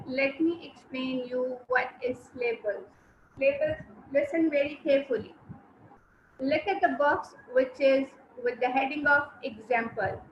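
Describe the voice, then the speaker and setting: A high-voiced woman teacher speaks slowly and deliberately, spelling out syllables and repeating key words. She gives short, brisk commands between explanations. Her voice sits in a roomy, slightly dull recording. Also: slight background noise. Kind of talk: online class lesson.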